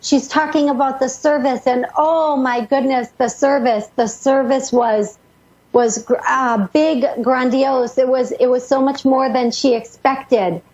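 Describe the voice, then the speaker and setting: A psychic medium radio host with a high, husky, breathy voice relays messages for a caller, rushing and breathless with many restarts as the words tumble out. Her tone is steady and a little mellow, and the dull, lo-fi sound resembles an old radio broadcast.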